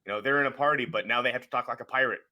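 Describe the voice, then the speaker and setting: A man's voice: mid-range voice, very fast, bright, forceful tone. A man answering as a guest in a casual interview, easygoing and rambling with many fillers.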